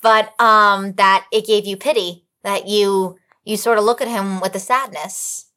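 A woman co-hosting a casual chat, teasing with quick quips. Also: mid-range voice, steady tone, bright, forceful tone. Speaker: podcast co-host.

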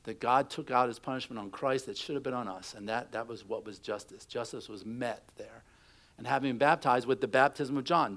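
A man's voice: medium pitch, fairly bright tone. A middle-aged man preaching a sermon, telling stories and acting out quotes in a conversational way. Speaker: pastor.

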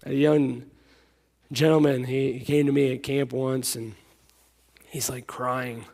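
A man preaching a sermon, emphatic, repeating key lines and dropping to a hush when he tells a story. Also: medium pitch, level tone, a little slow, gravelly, pauses often. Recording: hall reverb.

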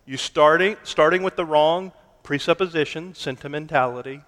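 A man preaching a sermon, deliberate and emphatic, stretching key words for weight. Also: fairly high pitch, fairly bright tone. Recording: long hall reverb.

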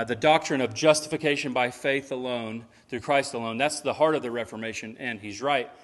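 A male pastor delivers a sermon at a church service in an ordinary middle-pitched voice. He is earnest and presses his points with rhetorical questions. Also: a bit bright. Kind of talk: scripture reading and sermon.

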